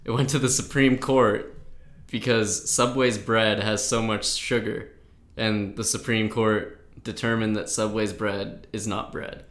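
A man's voice: fairly low pitch, flat delivery, measured pace, fairly bright tone, reverberant. A man co-hosting a podcast in casual chat, laid-back as he plainly explains things. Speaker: podcast co-host.

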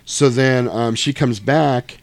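A man's voice: medium pitch, slow, no room sound. A man in casual chat, retelling a film scene, acting out the dialogue and swearing freely.

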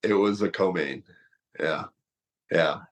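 A man's voice: low-pitched, slow pace. A man in his thirties, a former wrestler and fighter, telling a long story casually with many fillers. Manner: rambling, lots of fillers, laughs through story.

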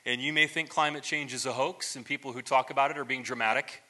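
A pastor with a very bright, sharp-edged voice preaches in an easy, chatty way. He talks in loose stories full of restarts and little asides and pokes fun at himself as he goes. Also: mid-range voice, fast talker. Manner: relaxed storytelling, many restarts and asides; self-deprecating humor. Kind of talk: conversational sermon.

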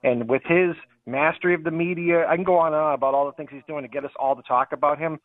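A man with a Boston accent calling in to a radio show, making his case earnestly with halting restarts. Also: a little high, no room sound. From New Hampshire. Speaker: caller. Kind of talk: call-in radio talk. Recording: dull phone-line call audio.

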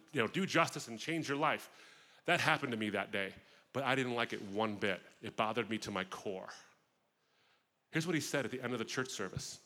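Bright-voiced man telling a personal testimony. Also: mid-range voice. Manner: expressive storytelling with vivid asides. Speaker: guest speaker. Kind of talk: personal testimony talk at a festival.

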